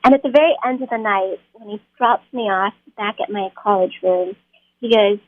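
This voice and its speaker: A woman's voice: medium pitch, fairly even intonation, moderate pace, no room sound. A woman actor, a guest on an interview show, telling stories in a chatty way and laughing easily. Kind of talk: casual interview storytelling. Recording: tinny phone-like line.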